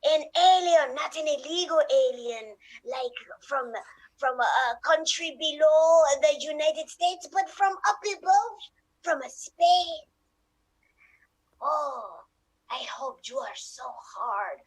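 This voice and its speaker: A woman's voice: sits high, animated, slow, poor audio. A woman playing a news anchor who fakes a French accent, hammy and suggestive, in an improv comedy scene. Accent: fake French.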